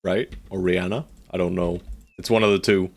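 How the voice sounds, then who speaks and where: A man streaming live gameplay, joking and talking to his units with loud jumps on exclamations. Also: low voice, fairly even intonation, brisk, vocal fry. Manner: playful, jokey, talks to his units.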